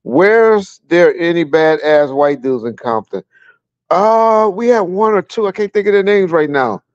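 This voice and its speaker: A middle-aged Southern California man, a bit high-pitched and expressive, speaks a little slowly as a guest on a casual livestream chat, chuckling through blunt, profane stories from his police years. He's at home with a fan running, and the audio is dull with no room sound.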